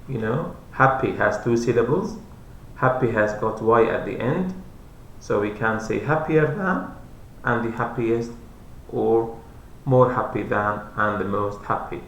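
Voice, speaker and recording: Slow, patient man teaching grammar. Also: medium pitch, slight background noise. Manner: slow, repetitive, spells out letters. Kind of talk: explaining grammar lesson. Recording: roomy echo.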